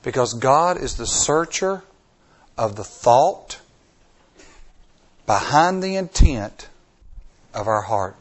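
A male pastor preaching a sermon in a folksy way, repeating lines for emphasis and swinging from hushed, slow passages to loud, high-pitched pleas. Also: lively intonation. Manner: dramatic swings from hushed to near-shouting.

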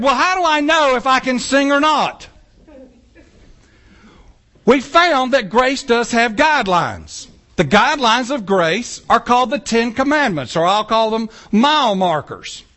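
Male pastor, sermon delivery, animated and joking; high, bright, lively voice. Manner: animated, joking preaching with acted-out quotes.

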